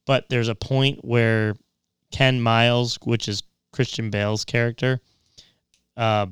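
A man's voice: mid-range voice, little pitch movement, slow, clear, resonant tone, dry recording, studio quality. A man co-hosting a podcast, chatting enthusiastically about a movie with lots of fillers. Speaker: podcast co-host. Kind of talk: casual movie review chat.

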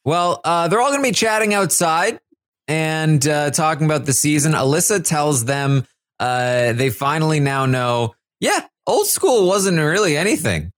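A man's voice: a little high, expressive, a little slow, a bit bright. A man co-hosting a podcast, casually recapping a reality show with many fillers and acted quotes. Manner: acts out housemates' lines in quoted voices, many fillers.

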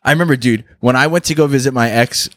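A man's voice: medium pitch, fast, a bit bright, no echo. A man co-hosting a podcast, rambling through stories with lots of swearing, talking close to the mic. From New York City. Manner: profane, rambling storyteller. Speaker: podcast co-host. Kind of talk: casual chat.

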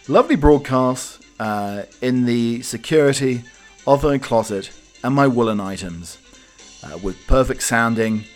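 Rambling man from Norfolk, faint music behind. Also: lowish voice. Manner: hesitant, full of fillers, jokey. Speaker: podcast host. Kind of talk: rambling casual monologue.

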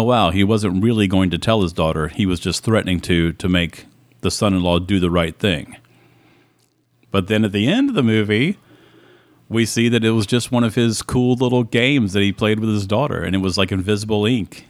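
A man's voice: deep voice, dry recording. This is a man, chatting casually about a film. He rambles, restarts his sentences and stays keen. The recording is dry and close, with no room sound. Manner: rambling, self-correcting, enthusiastic. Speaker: podcast co-host. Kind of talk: casual movie review chat.

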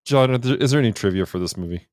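A man's voice: on the low side, expressive, very fast, a little mellow, dry recording, clean studio sound. A man co-hosting a casual movie review chat, goofy, stumbling over words and wisecracking. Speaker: podcast co-host.

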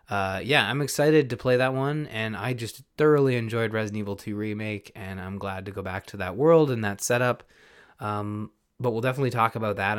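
A man with a fairly low voice co-hosts a casual podcast chat. He talks in a relaxed way, letting his sentences trail off softly. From Canada. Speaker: podcast co-host.

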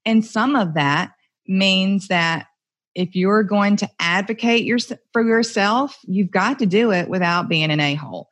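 A woman's voice: medium pitch, a little slow, fairly bright tone. A woman guesting on a podcast, speaking about her marriage in a reflective, earnest way, thinking aloud as she goes. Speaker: podcast guest, entrepreneur's wife. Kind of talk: conversational interview.

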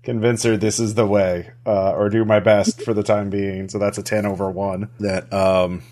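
A man's voice: fairly low pitch, level tone, normal speed, few pauses, a little mellow. A man playing a tabletop game, talking earnestly and hesitantly with many fillers. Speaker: player.

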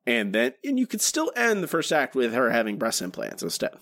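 Here a male podcast co-host speaks a little fast in a medium-pitched voice, rambling casually and animatedly and often restarting his thoughts. It's studio quality with no echo.

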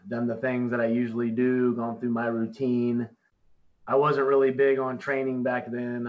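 A man, a firefighter, recounting events in a plain, matter-of-fact way. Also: medium pitch. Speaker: firefighter guest. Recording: dull, lo-fi.

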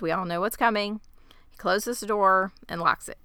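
A woman with a bright, crisp voice recaps a show for her co-host in casual chat. She tells it wryly, drops sarcastic asides and acts out the lines as she goes. The sound is close and dry. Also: mid-range voice, normal speed, dry recording. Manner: wry, sarcastic storytelling, acting out lines.

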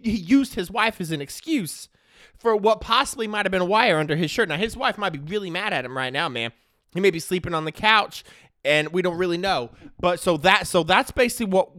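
A man delivering a casual sports rant with a lively, swooping delivery. He peppers his talk with slang and keeps checking in with the listener. The sound is dry and close, with no room in it. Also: high voice, dry recording. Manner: animated, slangy, peppered with "right?" and "dude"; opinionated, ranting. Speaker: sports commentator.

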